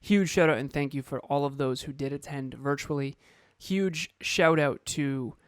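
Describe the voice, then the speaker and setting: A man's voice: a little high, normal speed, smooth, no room sound, studio quality. A man co-hosting a motivational podcast, talking emphatically and repeating words for stress. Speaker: podcast co-host and coach.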